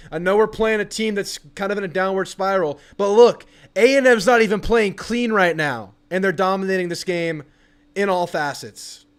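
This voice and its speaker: A young man hosting a live football watch party, reacting excitedly and ranting with frustration. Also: high-pitched, clean tone. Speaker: sports channel host.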